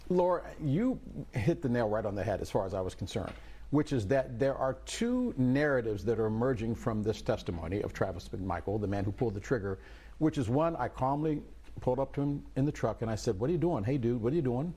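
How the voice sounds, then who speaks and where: A man's voice: mid-range voice, lively intonation, brisk, mellow. A man anchoring a news program, putting questions to an analyst in a conversational way. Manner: conversational, recounting testimony. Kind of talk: news interview.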